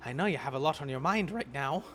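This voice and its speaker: A man's voice: a little high, animated, fast, a bit bright, pitched below the performer's own voice. A man voicing a grandiose, teasing fairy with sweeping, theatrical delivery over faint game music. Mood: grandly teasing. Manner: sweeping, dramatic, sing-song delivery.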